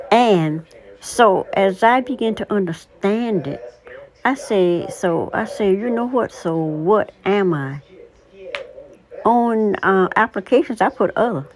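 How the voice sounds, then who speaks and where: A woman in her sixties speaks slowly and deliberately, leaning hard on her points in a casual monologue. Her voice sits a little low. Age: 60s. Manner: deliberate, emphatic, opinionated. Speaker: vlogger.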